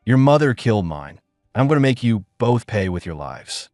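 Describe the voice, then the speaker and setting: A man's voice: on the low side, sing-song, moderate pace, darkish tone, no room sound, studio quality, faint music behind. A man voicing a cold, scornful young wife who talks with sneering contempt. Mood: venomous.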